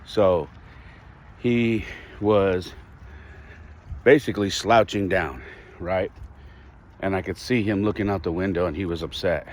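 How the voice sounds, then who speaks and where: A man's voice: sits low, a little slow, pauses often. A man hosting a podcast, telling a personal story candidly and reflectively, with restarts and the odd sigh. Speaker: podcast host.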